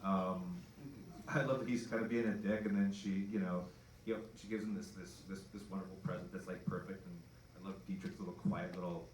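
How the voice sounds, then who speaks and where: Filmmaker dude rambling on a panel, low-ish voice, echoey and far off. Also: male voice, steady tone, a little fast, noisy background. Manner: rambling, enthusiastic, many restarts. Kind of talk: casual panel talk. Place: event hall with audience. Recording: echoey hall, mic heard from afar.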